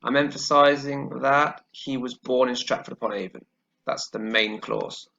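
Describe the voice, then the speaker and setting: A man teaching English grammar, explaining slowly and carefully and checking in with "okay" as he goes. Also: medium pitch, steady tone, vocal fry, bright, forceful tone. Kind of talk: grammar lesson while writing on screen. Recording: dull lo-fi recording.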